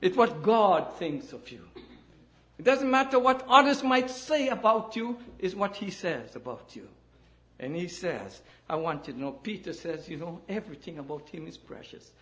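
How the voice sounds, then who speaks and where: A man with a very high voice preaching a sermon in church. He swings between loud, rousing declarations and quieter, dropped phrases. He works the congregation with calls of amen and hallelujah. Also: animated, normal speed. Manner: emphatic, rising and falling delivery with calls of amen and hallelujah.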